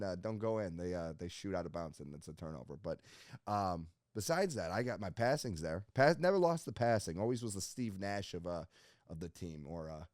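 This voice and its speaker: A man's voice: lowish voice, a little mellow, no echo, clean studio sound. A young man hosting a casual solo podcast, rambling and joking with plenty of swearing, self-mocking while stuck in a hot costume. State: in a hot Halloween costume with gloves. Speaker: podcast host. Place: home podcast setup with laptop.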